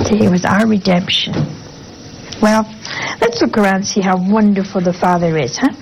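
An older woman gives a sermon in a plain, mid-pitched voice. She talks in a folksy way, checking in with her listeners through quick questions. A faint noise sits under the recording. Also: fairly even intonation, low-quality recording. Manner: folksy, asks rhetorical questions with a teasing "huh?". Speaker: religious sister giving a talk. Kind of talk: informal sermon.

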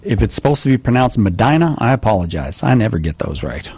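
A man hosting a call-in radio show, moving briskly between callers and joking at his own expense. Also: lowish voice, very animated, a little mellow, a little hiss or hum. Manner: brisk, self-deprecating joking. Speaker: radio host.

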